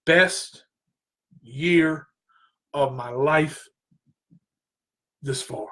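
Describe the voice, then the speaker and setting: A man's voice: fairly high pitch, very slow, a bit bright. A man hosting a talk radio show, telling a personal story in an earnest way, repeating himself and straining his voice when he gets worked up.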